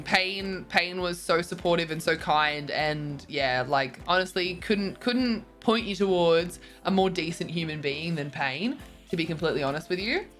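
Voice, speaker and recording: A woman's voice: on the low side, a bit bright. A bubbly woman in her twenties chatting casually with viewers on a stream, laughing often. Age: 20s. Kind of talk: casual chat reading viewer messages. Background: faint music.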